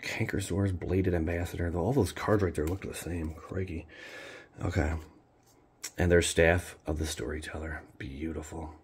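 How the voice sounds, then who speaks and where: A man hosting a card-opening video in casual commentary, swinging between loud exclamations and low muttered asides. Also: creaky, breathy edge. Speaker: card-opening channel host.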